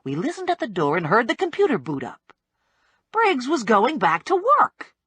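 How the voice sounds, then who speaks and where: A woman narrating a first-person audiobook with wry, brisk storytelling. Her voice is husky and moves widely in pitch. The recording is dry and close. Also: wildly swooping pitch, a bit bright, no room sound.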